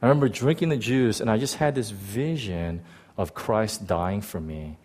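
A male pastor giving a testimony in a sermon, animated and full of restarts, swinging from loud bursts to hushed tones. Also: lowish voice, normal speed.

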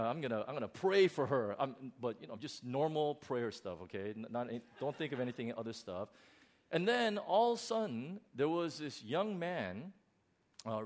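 Middle-aged guy pastor telling a story from the pulpit, animated, keeps restarting. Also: fairly high pitch. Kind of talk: sermon testimony.

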